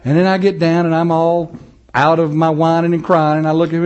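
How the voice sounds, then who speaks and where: A man preaching a sermon, moving between loud, rising passages and low, slow, soft ones, chuckling often. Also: level tone, muffled recording. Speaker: pastor.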